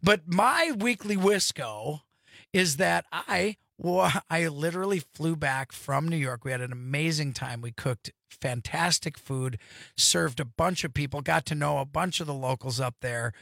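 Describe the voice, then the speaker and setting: A man's voice: on the high side, a little slow, gravelly, a bit bright, dry recording. Male studio radio host, enthusiastic rambler, raised voice. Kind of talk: casual radio chat.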